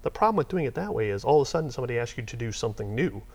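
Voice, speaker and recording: A middle-aged man, a software company owner telling stories in a casual interview, rambling and getting worked up as he goes. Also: mid-range voice, rapid-fire, slightly rough. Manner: rambling, animated, gets worked up retelling.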